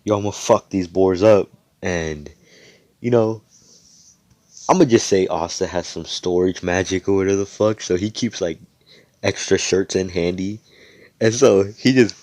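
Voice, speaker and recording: Young guy with a deep voice making up a fan story, rambly, swears a lot. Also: a little slow, pauses often, a little mellow, no echo. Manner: rambling, profane, slangy. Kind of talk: improvised fan fiction storytelling.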